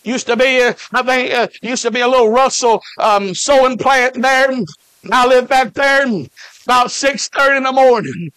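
A man from Alabama, preaching a fervent revival sermon, shouting and drawing out his words with frequent "uh" fillers. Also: extremely high pitch, moderate pace, clean tone, no echo.

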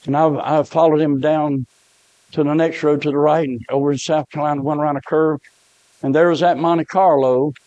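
With a slightly high, mellow voice, a middle-aged pastor delivers an emotional sermon built on stories. The sound is close and dry, without any room echo, and his preaching is heartfelt throughout.

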